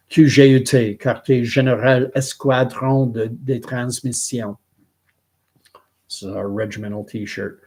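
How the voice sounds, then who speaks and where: A middle-aged Canadian man with a Canadian accent, chatting casually on his vlog and reading viewer comments, halting and rambling with many restarts. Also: mid-range voice, a little mellow. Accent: Canadian English.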